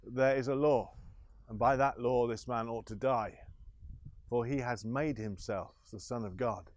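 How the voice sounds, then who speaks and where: A man shouting as an angry mob of accusers. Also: medium pitch, a little slow, no room sound, natural voice. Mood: furious. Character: angry crowd of accusers demanding death.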